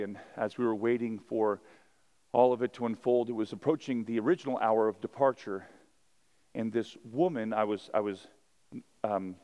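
A man's voice: lowish voice, darkish tone. A male pastor giving a sermon, moving between casual storytelling and rising preached emphasis.

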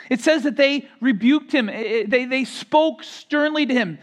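A man preaches a sermon as pastor in a high-pitched voice. He swells louder and higher on key phrases, then drops back soft. He repeats and restarts words as he builds each point. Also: moderate pace, few pauses.

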